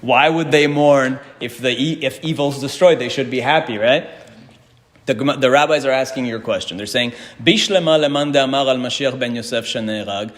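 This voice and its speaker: A man leads a Talmud class at a steady middle pitch. He reads each Hebrew and Aramaic line aloud, explains it in English and turns to the room with questions. His voice rings with a long reverb, as in a hall. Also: normal speed. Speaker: Torah teacher.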